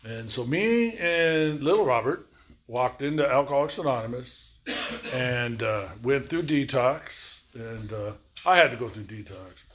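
A man in his sixties talks through his own recovery story, looping back and repeating himself with plenty of fillers. His voice sits in a middle pitch, and he slips into quick back-and-forth exchanges as he retells old conversations. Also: animated, a bit bright. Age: 60s. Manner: rambling, repetitive storytelling with many fillers. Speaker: recovery speaker. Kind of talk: personal recovery testimony.

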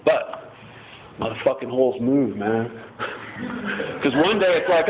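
A man's voice: a little high, animated, a little slow, long pauses, heavy background noise. A man sharing his story at a recovery meeting, rambling, swearing freely and cracking self-mocking jokes. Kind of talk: casual personal share. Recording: tinny phone-like recording.

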